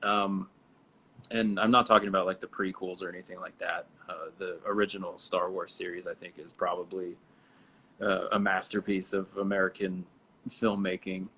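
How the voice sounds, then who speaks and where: Man, low-pitched, easygoing chat on a live stream, quick to laugh, faint background noise. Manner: relaxed, chatty, laughs often. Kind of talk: casual chat. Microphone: live video stream.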